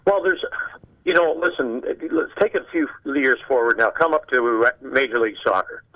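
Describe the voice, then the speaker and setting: An older man from Canada, a guest sportscaster, chatting casually and telling animated anecdotes with acted-out dialogue. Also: mid-range voice, moderate pace, lo-fi sound. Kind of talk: casual conversation, storytelling.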